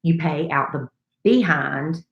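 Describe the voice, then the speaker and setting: A middle-aged woman co-hosting a radio show, telling a story in a chatty, lively way. Her voice sits low, and the recording has the ring of an echoey room. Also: takes it slowly, gravelly, highs cut off. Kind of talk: casual chat.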